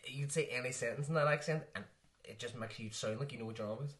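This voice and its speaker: Fast-talking man bantering. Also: medium pitch, fairly bright tone. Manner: quick banter, swears, laughs a lot. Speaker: podcast co-host. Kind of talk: casual film chat.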